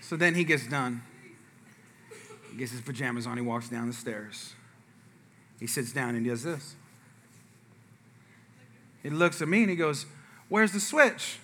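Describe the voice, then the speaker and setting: A man's voice: mid-range voice, measured pace, long pauses, sharp tone. A man preaching a sermon in a church, telling a family story with acted-out dialogue and asides to the congregation. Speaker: pastor.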